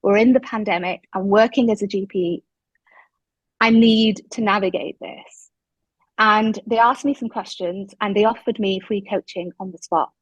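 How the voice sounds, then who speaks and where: A woman, a guest telling her story in an interview, emphatic and lively when she quotes what people said. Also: medium pitch, moderate pace, breathy edge, dry recording, highs cut off. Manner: animated, emphatic retelling with quoted dialogue.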